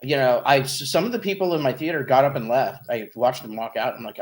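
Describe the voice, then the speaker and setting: A man's voice: medium pitch, quick pace, few pauses. A man co-hosting a casual movie review show, talking about his theater experience. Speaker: podcast co-host.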